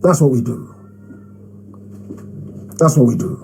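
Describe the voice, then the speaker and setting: A man giving an impassioned live broadcast address, emphatic and repetitive, hammering phrases with long pauses. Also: medium pitch, expressive, gravelly, warm tone, slight background noise, low-quality recording. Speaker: movement leader hosting a live broadcast.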